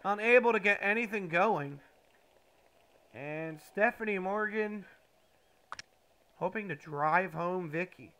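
High, bright-voiced man calling game play-by-play. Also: slow pace, pauses often, clear, resonant tone. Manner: excitable, bursts of loud enthusiasm. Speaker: video game commentator. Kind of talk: mock play-by-play commentary.

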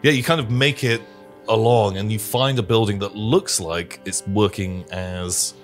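A man narrating a tabletop game as game master in a relaxed, rambling way. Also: on the low side, a little slow, soft background music.

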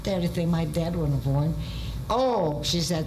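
A woman's voice: low-pitched, unhurried, a little mellow, slight background noise, poor audio. An older woman reminiscing in an archival interview, chatty and anecdotal with dry humor.

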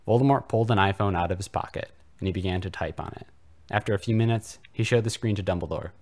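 A man reading a comedic fanfiction aloud for a podcast in a mock-serious deadpan style. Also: low voice, fast. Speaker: podcast reader.

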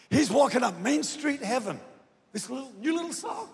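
A man preaching in a big church hall, his high, gravelly voice ringing with long reverb. He moves between quiet, storytelling moments and forceful, shouted calls to the congregation. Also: wildly swooping pitch, normal speed. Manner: swings from soft sung phrases to loud shouted exhortation. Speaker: guest preacher. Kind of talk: sermon. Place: large church auditorium.

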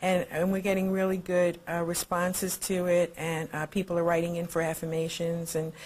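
A woman guest chatting casually and haltingly about her show. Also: lowish voice, completely flat delivery, darkish tone. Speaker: guest, TV host. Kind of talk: casual chat.

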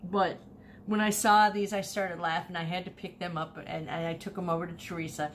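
A woman's voice: on the low side, little pitch movement, fairly quick, slight background noise. A woman, chatting casually and animatedly about her thrift finds, often repeating herself as she tells a story. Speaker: online reseller showing thrift finds. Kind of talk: casual haul video chat.

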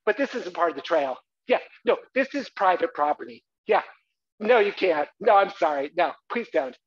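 A man's voice: high voice, lively intonation, moderate pace. A man voicing a fussy, overly polite middle-aged mother who firmly shoos trespassers away, in a dull lo-fi live recording. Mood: politely firm. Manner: sing-song, overly polite, firm.

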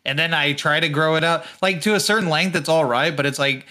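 Young dude cohosting a podcast, chatty, cusses a lot, bright sharp tone. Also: male voice, on the high side, a little fast. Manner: rambling, profane, laughs often. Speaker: podcast co-host. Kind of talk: casual chat.

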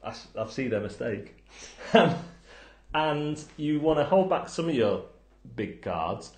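A man's voice: medium pitch, sing-song, a little slow, reverberant. A man hosting a board game countdown, reading out reviews and answering them with dry jokes and puns. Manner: wry, punning, jumps between joking and mock outrage. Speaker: board game channel host.

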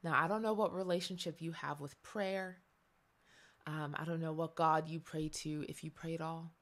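A woman hosting her own channel, speaking in an earnest, gentle reflective monologue and repeating phrases for emphasis. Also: low voice, steady tone, moderate pace.

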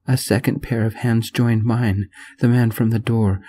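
Soft-spoken man with a husky, dark voice. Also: medium pitch, level tone, measured pace. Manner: gentle, soft-spoken reading. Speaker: storyteller.

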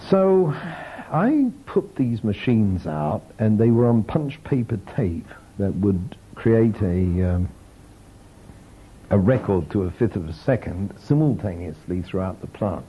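Older man giving a lively lecture. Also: lowish voice, takes it slowly, breathy edge, dull audio. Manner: lively storytelling, chuckling. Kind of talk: informal lecture.

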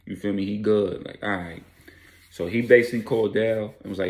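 A man telling a story casually in street slang, animated and adding sound effects. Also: lowish voice, brisk.

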